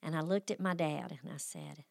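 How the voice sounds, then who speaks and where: A middle-aged woman hosting a faith podcast tells a personal story in a folksy, emotional way, sighing and restarting as she goes. Her voice is low and gravelly, her pace moderate, and the recording is dry with clean studio sound.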